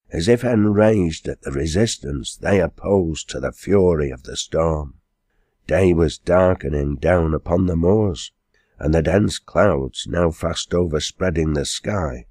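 A man narrating an audiobook in measured storytelling. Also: rumbling low, dark tone, dry recording, studio quality. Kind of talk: scripted narration.

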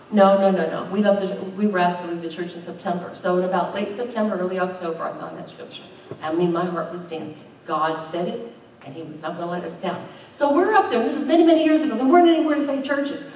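A woman's voice: mid-range voice, steady tone, quick pace, a little mellow. A middle-aged woman pastor preaching a conversational sermon with emphatic bursts. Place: church sanctuary. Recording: very echoey, distant church recording.

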